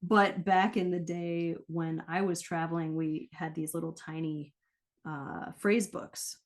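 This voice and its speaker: A woman's voice: sits low, flat delivery, measured pace. A woman, a pronunciation coach, guesting on a podcast interview and explaining her work conversationally. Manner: explanatory, often checks in with "right?".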